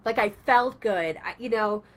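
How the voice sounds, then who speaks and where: Brief: woman radio host, bright and a bit high, chatty storyteller. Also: moderate pace. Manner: chatty, animated storytelling with acted-out quotes. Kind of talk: casual talk radio chat.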